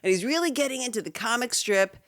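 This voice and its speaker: Sick woman podcast co-host, lively swooping delivery, dry close sound. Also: a little high, fast talker, dry recording. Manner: animated, laughing, expressive. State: sick, stuffy. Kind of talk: casual chat rewatching a sitcom. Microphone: remote call setup.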